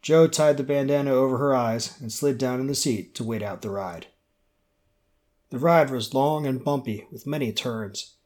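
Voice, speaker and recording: A male audiobook narrator reading a novel in a steady, measured voice. His pitch sits at an ordinary middle for a man, and his delivery stays even and unhurried. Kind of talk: scripted narration.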